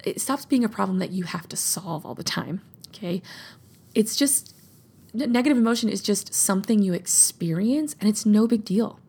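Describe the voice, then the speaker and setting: A woman coach in her thirties giving a gentle, reassuring teaching talk and often checking in with "right?". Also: mid-range voice, normal speed, vocal fry, slightly rough.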